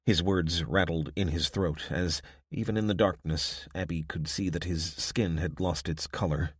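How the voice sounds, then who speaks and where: A man narrating an audiobook in steady, even scripted storytelling. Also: deep voice, moderate pace, hardly any pauses, breathy edge, no echo, studio quality.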